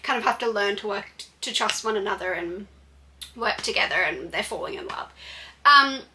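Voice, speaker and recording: A woman's voice: mid-range voice, animated, normal speed, pushed and bright, slight background noise. A woman giving a blunt, chatty book review with frequent fillers and restarts. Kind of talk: casual book review vlog.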